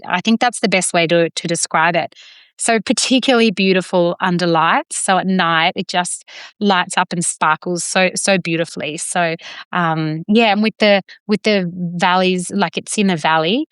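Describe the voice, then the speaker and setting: A woman's voice: fairly low pitch, fairly bright tone, smooth, no room sound, clean studio sound. A woman from Australia, a podcast guest chatting enthusiastically, with frequent ums and restarts. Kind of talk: casual chat.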